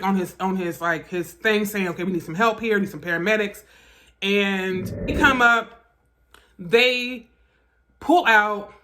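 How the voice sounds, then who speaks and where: Animated, cursing woman telling a story. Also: mid-range voice. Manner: animated, profane, emphatic retelling. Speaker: vlogger. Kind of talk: casual storytime narration.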